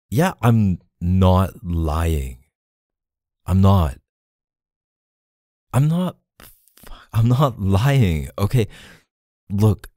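A man's voice: low-pitched, dark tone, dry recording, studio quality. A man voicing a defensive boyfriend in a jealous argument, in a whispered role-play, pleading and flustered, sighing often.

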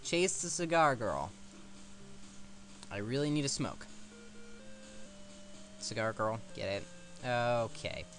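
A man narrates a retro game run in a lively, up-and-down voice, rambling between jokes at his own expense. Faint guitar music plays softly behind him. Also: medium pitch, takes it slowly, pauses often. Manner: rambling, self-mocking asides. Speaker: let's play commentator. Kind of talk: casual gameplay commentary.

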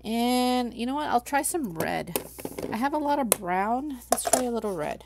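Woman crafting streamer, slow and chatty, raised pitch with gravel in it. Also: lively intonation, noisy background. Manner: chatty, talks to herself while working, reads chat aloud. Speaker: crafting livestream host. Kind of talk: casual livestream crafting chat.

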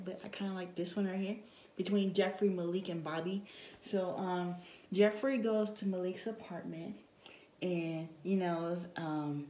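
A woman's voice: on the low side, warm tone, echoey room, a little hiss or hum, poor audio. A woman recapping a reality TV episode in a casual, chatty way, full of fillers and blunt asides. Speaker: TV show reviewer.

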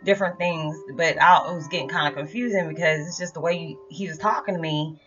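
Middle-aged woman, lowish voice, animated storyteller; dull lo-fi recording with music behind. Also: fast talker. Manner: animated, chatty, full of "you know" fillers. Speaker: storyteller vlogger. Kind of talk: casual personal storytelling.

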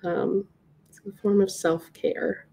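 A woman's voice: mid-range voice, little pitch movement, slow, mellow, slightly rough. A woman teaching a live watercolor class, chatty and upbeat, with lots of fillers. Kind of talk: live painting tutorial.

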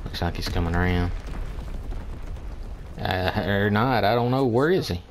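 Over footage of his own online shooter game, a man delivers relaxed commentary full of joking trash talk aimed at his opponents, laughing frequently. His voice is on the low side and unhurried, with long pauses and some slight background noise.

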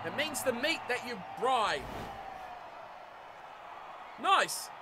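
A man with a New Zealand accent giving excitable live commentary while playing a rugby video game, often yelling at the screen. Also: extremely high pitch, very slow, background noise. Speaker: gaming YouTuber.

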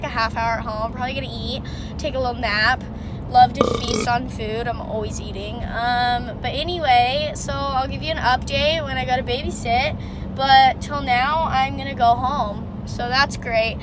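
Filmed on her phone inside her car, a teen vlogger chats casually and swears plenty. She has a high voice, and there's background noise.

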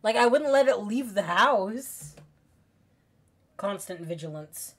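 A young woman streaming a game, chatting casually with her viewers, excitable, giggly and quick to swear. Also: a little high, husky. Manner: excitable, giggly, swears freely, talks to chat. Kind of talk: casual let's-play commentary.

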